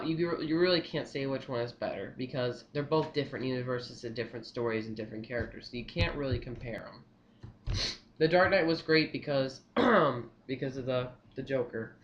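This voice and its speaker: A young man talks through his opinions in a loose, excitable ramble, circling back on his points. The recording sounds dull and lo-fi, with a faint hum of room noise underneath. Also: medium pitch, normal speed. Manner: rambling, repeats "I mean", excitable. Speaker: vlogger. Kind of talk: casual opinion vlog.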